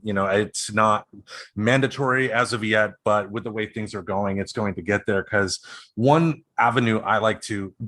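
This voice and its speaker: A man's voice: on the low side, sharp tone, dry recording. A man co-hosting a podcast, talking in a rambling casual way with many ums and restarts. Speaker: podcast co-host. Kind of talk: casual chat.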